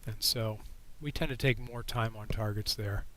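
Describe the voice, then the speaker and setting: A man hosting a casual livestream with a frog in his throat. He talks in a relaxed, rambling way and answers viewers' questions with a microphone right at his mouth. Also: fairly low pitch, normal speed, slight background noise, poor audio. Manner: relaxed, rambling, reading chat questions aloud. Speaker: astronomy livestream host. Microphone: microphone held right in front of his mouth.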